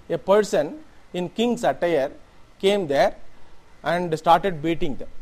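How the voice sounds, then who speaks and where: A man's voice: high voice, a little mellow. A middle-aged man telling a scripture story in a discourse, explaining each Sanskrit term as he goes. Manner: explanatory, glosses Sanskrit terms. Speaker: religious storyteller.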